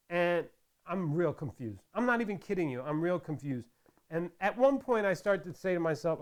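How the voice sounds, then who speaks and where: A man's voice: sits high, animated, a little slow, a little mellow, clean tone. A man casually chatting while making crafts, rambling through stories with lots of restarts. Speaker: craft vlogger. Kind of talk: casual tutorial chat.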